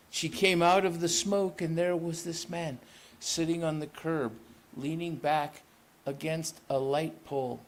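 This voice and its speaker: Slow, measured male storyteller. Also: a little high, fairly even intonation, low-quality recording. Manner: measured, deliberate narration. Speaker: author reading his fiction. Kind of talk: live reading of a story. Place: live literary festival event.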